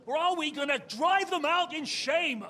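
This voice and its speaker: A man voicing a hotheaded noble calling for raids in a video game, agitated and shouting. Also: very high voice, lively intonation, moderate pace, heavily acted. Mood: heated. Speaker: game character.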